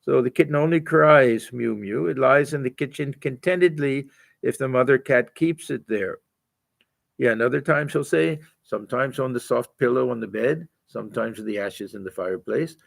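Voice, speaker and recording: An older man with a gravelly, mid-range voice gives a scripture lecture. He talks gently and haltingly, often repeating words as he searches for the next thought. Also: medium pitch. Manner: gentle, halting, many fillers and restarts. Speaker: swami teaching a scripture class. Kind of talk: spiritual lecture.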